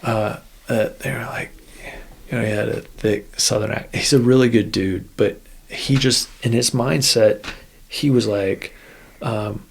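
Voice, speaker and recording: A man's voice: lowish voice, steady tone, unhurried, gravelly, slight background noise. A man, a former Air Force officer, tells a story in a casual interview, rambling with many restarts. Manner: rambling, full of "you know" and restarts.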